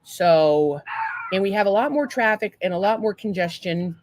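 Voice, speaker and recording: A woman's voice: medium pitch, expressive, normal speed, a little mellow. A woman with a Boston accent co-hosting a podcast, chatting casually and reading listener comments with lots of swearing. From Massachusetts. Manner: profane, rambling, reads listener comments aloud. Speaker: podcast co-host. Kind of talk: casual chat.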